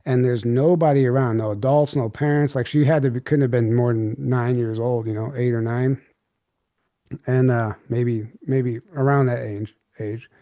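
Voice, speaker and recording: A man speaking as an interview guest, winding through a story with lots of fillers and false starts. His voice is mellow and dark in tone. The sound is dry and close, with no room around it. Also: medium pitch, steady tone, normal speed, dry recording. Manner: rambling, filler-heavy recounting with many restarts. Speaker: podcast guest. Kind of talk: candid storytelling.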